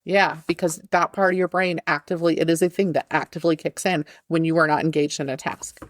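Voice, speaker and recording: A woman's voice: low voice, steady tone, brisk, no room sound. A woman co-hosting a podcast, chatting casually and eagerly explaining something she read. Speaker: podcast co-host. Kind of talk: casual chat.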